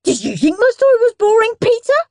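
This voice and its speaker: A woman's voice: very high-pitched, wildly swooping pitch, a little fast, darkish tone, dry recording, clean studio sound, pitched above the performer's own voice, exaggerated voice. A woman voicing a mischievous young boy who is cheeky and defiant.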